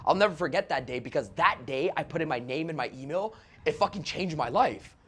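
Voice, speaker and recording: A man telling his story on a podcast in a rapid, excitable, profane way, full of "like" and "bro". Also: a little high, husky. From Canada. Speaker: sales trainer guest.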